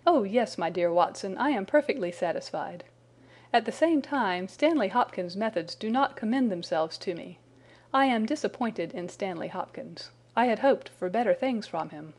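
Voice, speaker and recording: A woman reading the part of a brilliant, confident Victorian detective, speaking crisply and precisely. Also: mid-range voice, lively intonation, normal speed, a little mellow.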